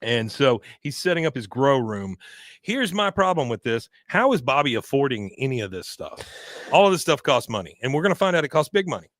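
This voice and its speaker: A man's voice: medium pitch, big pitch swings, fairly quick, a bit bright, no room sound. A man co-hosting a podcast, chatting casually as he recaps a cartoon episode and airs blunt opinions. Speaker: podcast co-host.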